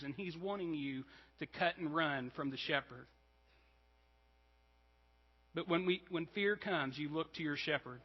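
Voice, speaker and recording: A man preaching a conversational sermon as pastor, talking casually with frequent "like" and "right?" check-ins. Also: fairly high pitch. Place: church sanctuary. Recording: dull, reverberant church hall.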